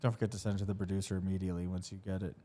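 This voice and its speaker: A man's voice: deep voice, flat delivery, very fast, mellow. A man co-hosting a podcast in loose, jokey, profane banter, with many fillers and restarts. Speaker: podcast co-host. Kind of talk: casual podcast chat.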